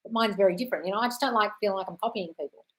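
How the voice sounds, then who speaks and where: The Australian woman races through her casual live-stream Q&A in a medium-pitched, slightly bright voice. She reads comments aloud, answers chattily, swears freely, and calls viewers darling.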